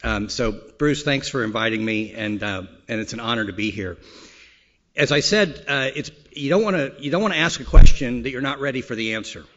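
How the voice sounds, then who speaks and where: A man giving a relaxed conference keynote, joking and using frequent fillers. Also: medium pitch, a little fast. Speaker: keynote speaker. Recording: slightly dull, lo-fi sound.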